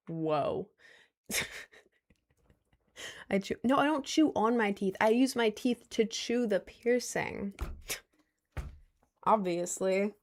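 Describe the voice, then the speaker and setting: A woman's voice: mid-range voice, darkish tone. A woman of twenty chatting casually on a stream, answering viewer questions in a rambling, giggly way with lots of restarts. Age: 20s.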